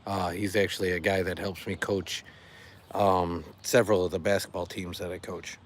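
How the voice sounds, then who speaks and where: A man's voice: deep voice, normal speed. A middle-aged man from the Chicago area hosting a live stream, chatting casually and rambling a bit with his viewers. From Chicago area, USA. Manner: relaxed, chatty, rambling with fillers. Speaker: livestream host.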